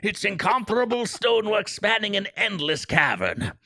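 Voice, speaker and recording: A man putting on an old man's voice to read dark fantasy lore slowly and theatrically, straining his voice. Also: high-pitched, big pitch swings, vocal fry, no room sound, pitched above the performer's own voice, exaggerated voice. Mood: solemn. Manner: strained, slow, theatrical delivery. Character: ancient rambling old man reading demon lore.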